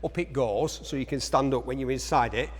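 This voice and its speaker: A man's voice: mid-range voice, brisk, husky. A man presenting cars for an auction in a chatty commentary style, full of jokey asides to himself. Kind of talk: chatty car walkaround commentary. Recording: echoey large hall.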